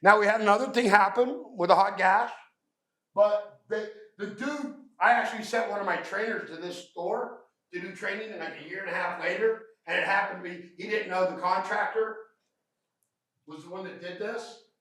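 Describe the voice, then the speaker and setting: A man with a Southern American accent running a lively training session, joking and quizzing his audience. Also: high voice, normal speed. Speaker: refrigeration trainer. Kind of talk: lively live training talk. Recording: echoey room, mic at a distance.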